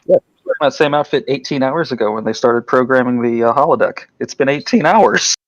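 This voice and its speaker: A man's voice: mid-range voice, fairly quick, no room sound. A man tossing out wry, teasing comments in a casual group chat. His voice comes through dull, lo-fi call audio, and it sounds dry and close. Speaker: watch-along participant.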